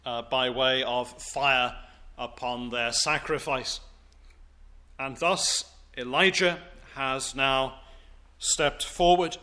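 A man preaching in church, reading scripture aloud in a solemn, deliberate way before his sermon. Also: medium pitch, bright, forceful tone. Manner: slow, solemn, deliberate delivery.

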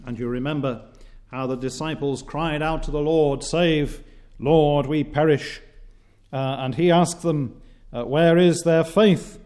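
Slow, deliberate male preacher. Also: a little high, steady tone, a little mellow. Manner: measured, declamatory preaching with frequent "uh" pauses. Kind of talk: sermon.

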